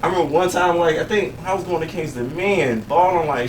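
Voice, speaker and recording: A man's voice: on the high side, fairly quick. A man hosting a casual podcast chat, emphatic and profane, laughing as he tells stories. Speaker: podcast host. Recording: echoey room, mic at a distance, faint noise.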